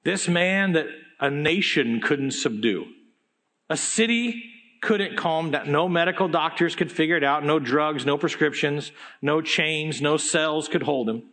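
A man's voice: fairly high pitch, a little slow, fairly bright tone. A man preaching a sermon, telling a story with animation and casual slang. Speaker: pastor.

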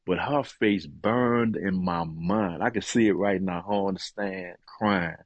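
Deep husky man telling an emotional story. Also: measured pace, dry recording, highs cut off. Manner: earnest, emotional storytelling with frequent "man" and hesitations. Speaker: guest and author. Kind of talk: personal testimony in conversation.

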